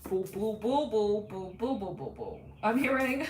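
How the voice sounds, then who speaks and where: A woman's voice: medium pitch, very animated, unhurried, reverberant, a little hiss or hum. A woman giving a live tarot reading, rambling and giggly as she relays what she is hearing. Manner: rambling, giggly, channeling messages. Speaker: tarot reader.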